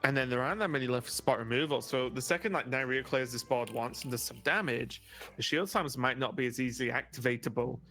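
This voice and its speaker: A man co-casting a live card game tournament, quick to react to plays and crack jokes. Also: medium pitch, bright, forceful tone, faint music behind. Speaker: esports caster.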